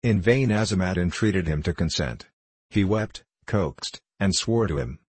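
A man narrating a classic novel as an audiobook reader, in a measured, even storytelling manner. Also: low voice, breathy edge, dry recording.

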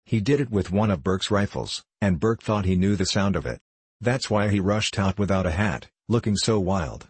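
A man reading the lines of a worldly, weary gentleman sleuth in a languid, ironic, knowing way in an audiobook. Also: deep voice, animated, moderate pace, breathy edge, dry recording.

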